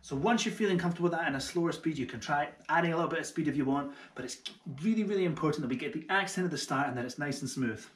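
A man teaching a double bass lesson online, who explains each step in an encouraging way and makes light jokes at his own expense. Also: rapid-fire, few pauses, reverberant. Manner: friendly and encouraging, with light self-mocking jokes. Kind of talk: online music tutorial.

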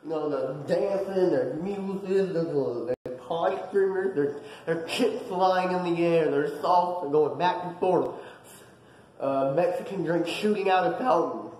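A young man vlogging, telling a dream story in a casual, animated way with lots of fillers. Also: on the high side, unhurried, roomy sound, a little hiss or hum, rough recording. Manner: animated, dramatic retelling with many fillers.

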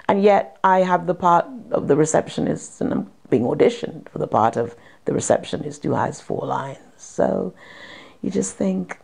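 A middle-aged woman from Britain talks with an actor in her dressing room. Her voice sits low with a gravelly edge, and she speaks animatedly, breaking into laughter between thoughts. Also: moderate pace. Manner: animated, laughing, lively asides. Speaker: actor being interviewed. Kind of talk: casual interview chat.

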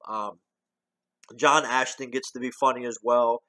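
A man's voice: medium pitch, fairly even intonation, a little slow, bright, forceful tone. A man chatting his way through a movie review. His talk is loose and rambling, with lots of restarts and the odd swear word. He stays casual throughout.

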